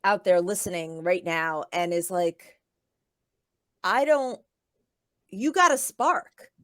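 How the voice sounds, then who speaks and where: A woman's voice: fairly low pitch, takes it slowly, a bit bright. A woman hosting a podcast, encouraging her guest with frequent affirmations in a casual interview. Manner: encouraging, frequent backchannel "mm" and "yeah". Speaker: podcast host.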